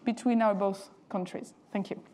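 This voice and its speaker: A woman with a French accent, a government minister giving a formal, measured speech. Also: medium pitch, steady tone, mellow. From France. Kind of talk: prepared speech.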